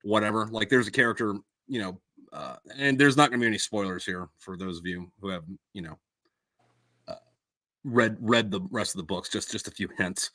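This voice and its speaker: A man's voice: on the low side, fairly quick, sharp tone, dry recording. A man hosting a casual live-stream chat about his own books. He rambles and puts himself down, with plenty of fillers and restarts. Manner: rambling and self-deprecating, full of fillers. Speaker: host and author of the books.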